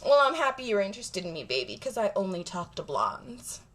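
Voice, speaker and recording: A woman mimicking a smooth-talking man at a bar, in an oily, mocking tone. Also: mid-range voice, very animated, a little fast, a bit bright, voice pushed down. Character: smooth-talking male pickup artist.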